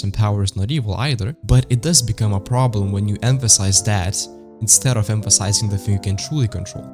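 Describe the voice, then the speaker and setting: Guy with a lowish voice doing a video essay monologue, lots of rhetorical questions, soft music underneath. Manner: argumentative, asks rhetorical questions. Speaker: channel host. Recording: faint music behind.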